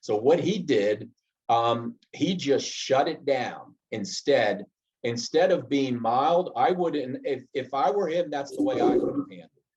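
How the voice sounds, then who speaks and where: Male trainer, mid pitch, chatty teaching tone, slightly muffled lo-fi recording. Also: expressive, unhurried, darkish tone. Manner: conversational, frequent "right?" asides and restarts. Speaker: project management trainer. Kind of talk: instructional talk with personal anecdote.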